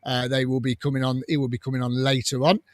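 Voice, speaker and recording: A man's voice: mid-range voice, flat delivery, fast talker, dry recording. A man hosting a casual live fan stream, reading viewer comments aloud in a chatty way and laughing often. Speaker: fan channel host.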